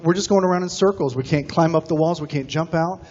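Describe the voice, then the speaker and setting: Man putting on a despairing big male frog, panicky, repeating himself, slightly high voice, dull lo-fi sound. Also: fast talker, darkish tone, close to an everyday voice. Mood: panicking. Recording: dull recording, long hall reverb.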